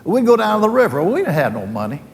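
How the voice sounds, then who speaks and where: An older man with a Southern drawl tells folksy stories and preaches in a homespun, joking way. His voice sits high for a man. It rings through a large hall over a faint low rumble. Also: wildly swooping pitch, very fast. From Alabama, US. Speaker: speaker addressing a team. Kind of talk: folksy faith talk with stories.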